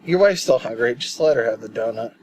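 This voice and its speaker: A man's voice: mid-range voice, expressive, a little fast, background noise. A man co-hosting a casual movie podcast, telling rambling stories with a joking tone and frequent laughs. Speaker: podcast co-host. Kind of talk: casual chat.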